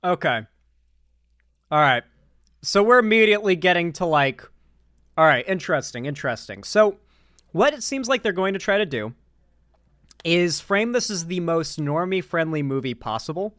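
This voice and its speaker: A man's voice: fairly high pitch, very animated, moderate pace, pauses often, a bit bright, no echo, clean studio sound. A man with a sore throat giving rambling, profane live-stream commentary, full of sarcastic asides.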